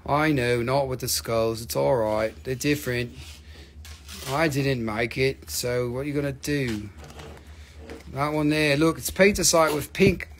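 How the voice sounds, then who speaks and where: A man's voice: mid-range voice, measured pace, slight background noise. A man selling rocks on a live stream, teasing viewers by name, swearing casually and joking between prices. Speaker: live-stream crystal seller.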